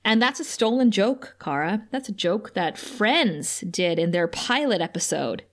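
A woman's voice: medium pitch, measured pace. A woman co-hosting a casual podcast, recapping a TV episode with frequent laughter and acted-out quotes. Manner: animated, laughs often, acts out quoted lines.

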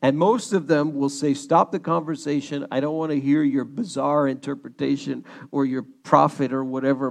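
Male pastor, sermon delivery, measured and unhurried, gravelly edge, playful asides. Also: mid-range voice. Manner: animated, joking preacher who acts out quotes. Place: church, streamed online.

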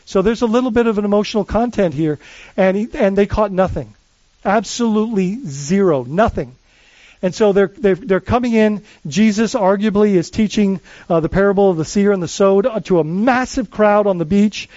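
A man who is a lead pastor, preaching a sermon in a conversational, animated way, often restarting his phrases. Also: sits high, normal speed, no echo, lo-fi sound.

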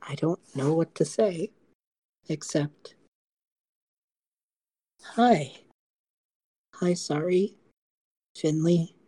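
A woman's voice: low-pitched, mellow, breathy edge, no room sound, exaggerated voice. A woman voicing a crude, teasing undead skeletal woman, blunt and profane.

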